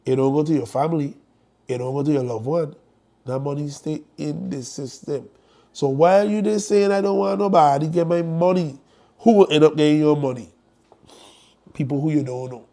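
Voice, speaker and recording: A man's voice: on the high side, moderate pace, warm tone. A man, hosting a live stream and speaking bluntly and jokingly as he urges viewers toward estate planning. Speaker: host promoting an estate planning conference.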